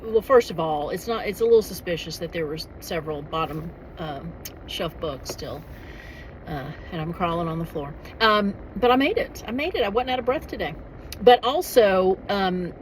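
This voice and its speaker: A woman's voice: medium pitch, a little hiss or hum, low-quality recording. A middle-aged woman chatting casually in a vlog, rambling with frequent restarts and laughs. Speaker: author and vlogger.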